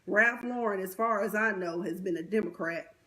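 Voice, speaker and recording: A woman's voice: mid-range voice, normal speed, fairly bright tone. A young woman giving a blunt, sassy, exasperated commentary recap, full of slang and asides, recorded on a livestream mic. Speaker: commentary vlogger. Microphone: webcam or phone mic from a livestream.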